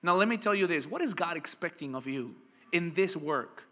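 A middle-aged man preaching a sermon, energetic and emphatic, acting out little quoted voices. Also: fairly high pitch, moderate pace.

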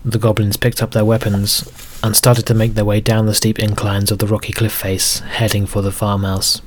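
A man narrating a solo tabletop game as game master, with steady, even storytelling. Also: on the low side, moderate pace. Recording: music bed under narration.

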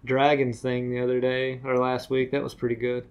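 A man's voice: mid-range voice, completely flat delivery, normal speed, clear, resonant tone. A man co-hosting a podcast, chatting casually with crude jokes and banter. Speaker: podcast co-host.

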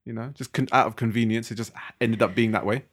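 Man in his thirties, podcast co-host, relaxed and teasing, matter-of-fact delivery. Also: mid-range voice, fast. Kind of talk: casual chat.

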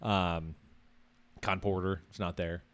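A man's voice: sits low, level tone, slow pace, a bit bright. A man co-hosting a podcast in casual chat, laid-back and rambling, laughing often. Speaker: podcast co-host.

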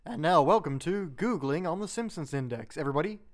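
A man's voice: a little high, animated, quick pace. A man in a casual podcast chat, playful and joking. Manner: playful, drops into silly voices. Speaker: podcast co-host.

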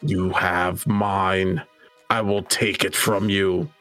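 A man voicing a huge goat-faced demon that makes slow, clipped threats. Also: deep voice, level tone, fairly bright tone, faint music behind, pitched below the performer's own voice. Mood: menacing.

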